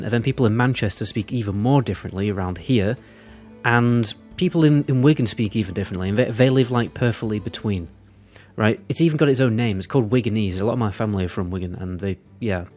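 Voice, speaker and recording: A man from northern England with a South Cumbrian accent and a lowish voice. He talks to his viewers in a chatty, rambling way and drops self-deprecating asides as he explains. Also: darkish tone. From Windermere, northern England. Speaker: video creator. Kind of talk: casual explainer video.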